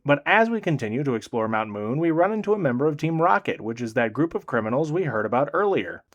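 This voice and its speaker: A young man giving comedic, sarcastic commentary on a video game, swinging between loud exclamations and dry mutters. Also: fairly high pitch, big pitch swings, quick pace, dull audio. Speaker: gaming commentator.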